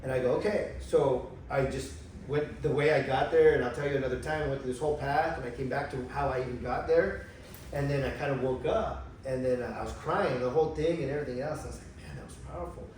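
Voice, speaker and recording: A man telling a personal story in a casual conversation, animated and emotional, acting out the voices of others. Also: medium pitch, fast talker. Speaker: guest telling his spiritual experiences. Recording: echoey room, far from mic, faint noise.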